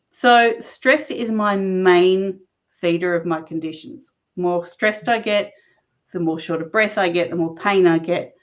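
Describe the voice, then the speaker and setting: A woman guest recounting her own story in conversation, animated and laughing often as she talks. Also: on the low side. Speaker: interview guest. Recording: dull lo-fi recording.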